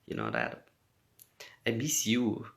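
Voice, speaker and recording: A man's voice: on the low side, huge pitch swings, takes it slowly, creaky, fairly bright tone. A man whose first language is English, chatting casually on a phone livestream, reading out and answering fan comments, laughing often and switching between English and German.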